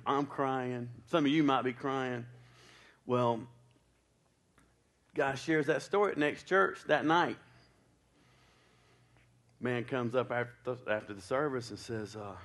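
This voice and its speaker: A man's voice: medium pitch, fairly even intonation, takes it slowly, pauses often, fairly bright tone. A man preaching to a congregation in a conversational, storytelling way, with folksy joking asides to the people in the pews.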